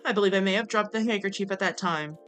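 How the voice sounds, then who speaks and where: A streamer voicing a formal, pompous young gentleman while reading game dialogue aloud. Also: medium pitch, fast, soft background music, lightly acted. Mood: tender.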